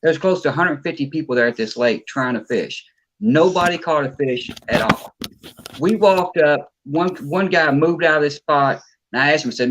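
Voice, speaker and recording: Easygoing man with a fairly high voice. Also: moderate pace, fairly bright tone, low-quality recording. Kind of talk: casual chat, storytelling.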